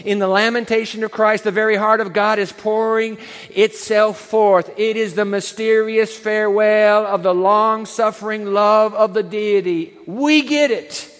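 A male pastor delivers a sermon with a high-pitched voice, building drama and then sinking into quiet, pointed emphasis. His words ring out with a long reverb, as if spoken in a large church sanctuary. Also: flat delivery, unhurried. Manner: dramatic storytelling, drops to soft emphasis.

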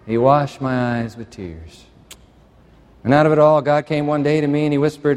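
A man preaching a sermon as pastor, impassioned, swinging between hushed, tender phrases and fervent exhortation. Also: a little high, normal speed, clear, resonant tone, in a large hall.

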